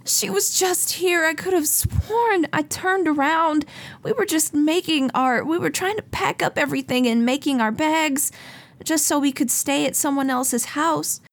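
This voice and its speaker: A woman's voice: high-pitched, measured pace, pitched above the performer's own voice. A woman voicing a distraught village mother who pleads tearfully for help finding her daughter.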